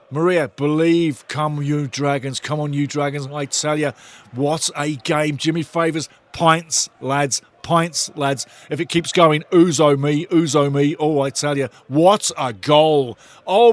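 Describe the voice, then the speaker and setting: Man, live fan commentary, watch-along host, excitable, sweary, slightly high voice. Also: dry recording. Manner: excitable, loud and sweary, talks to viewers in chat.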